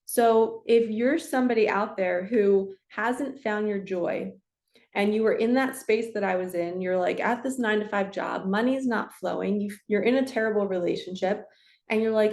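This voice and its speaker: Middle-aged woman host, sincere and confiding spiritual talk; medium pitch, echoey room. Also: normal speed, a little mellow. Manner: earnest, heartfelt, confiding. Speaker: spiritual channel host, card reader. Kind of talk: casual spiritual talk to camera.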